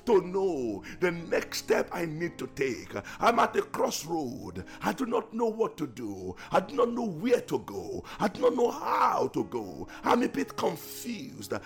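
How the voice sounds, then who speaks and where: A man's voice: on the high side, gravelly. A male preacher leading an impassioned, repetitive prayer and prophetic exhortation, sometimes breaking into tongues.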